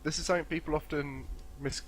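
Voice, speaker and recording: A man's voice: a little high, steady tone, fast talker, a little hiss or hum. A man co-hosting a comedy podcast, making dry quips and explaining things. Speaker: podcast co-host. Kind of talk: casual comedy podcast chat.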